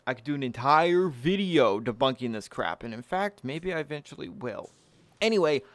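A man with a higher, somewhat bright voice hosts his own firearms channel, talking to camera casually and bluntly. He swears freely and sounds pleased with himself. There's no room sound in the recording.

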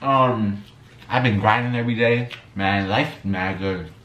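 A young man talks loosely in a bright, forward voice, full of slang and filler, while he eats at home. The room is echoey, and a faint hum sits behind him. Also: lowish voice, a little slow, dull audio. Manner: laid-back slangy talk, full of "you know what I'm saying". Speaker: vlogger and musician. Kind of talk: casual mukbang chat while eating.

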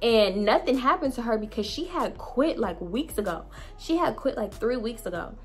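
A young woman vlogger telling a storytime tale in a blunt, profane, animated way, with faint music behind her. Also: on the high side, moderate pace. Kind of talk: storytime vlog.

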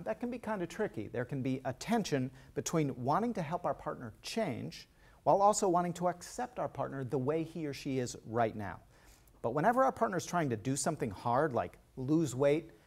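A man professor presenting a talk on relationship research in a clear, explanatory manner. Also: fairly high pitch, a little mellow. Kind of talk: scripted talk on couples' health.

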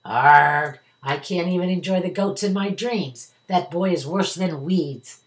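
A woman's voice: low voice, lively intonation, normal speed. A woman voicing a hungry, grumpy old male wolf who growls and schemes.

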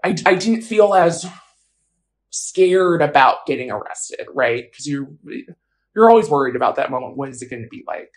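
A woman's voice: sits low, lively intonation, normal speed. A woman telling her own story in an interview, casual and blunt, with frequent fillers. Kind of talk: personal account in an interview.

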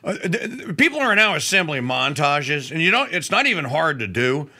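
A man hosting a political talk radio show, animated and full of stammering restarts, in a studio. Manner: animated, stammering restarts, quick pitch jumps.

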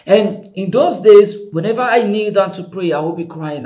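A middle-aged male pastor preaching a sermon with passion, dropping to soft pleading and rising to shouts. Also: sits high, moderate pace.

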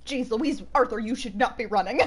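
A young woman with a fairly high, slightly rough voice talks fairly quickly while streaming a game. Her gameplay commentary is casual and chatty, with frequent laughs and jokey asides to her viewers.

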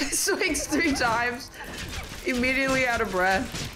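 A woman's voice: high voice, takes it slowly. A woman streamer giving live gameplay commentary, yelping and swearing as the game goes on. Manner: excitable, yelps and swears at the game. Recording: game music under the voice.

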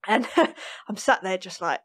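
A woman drummer, a podcast guest, telling stories in a lively, chatty way and laughing often. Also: mid-range voice, unhurried. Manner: animated storytelling, laughs often. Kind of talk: casual interview chat.

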